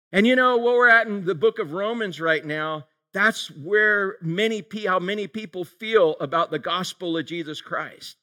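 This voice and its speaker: A male pastor giving a casual, jokey sermon and calling out to people in the congregation by name. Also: high-pitched. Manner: animated, jokey, addresses the congregation directly.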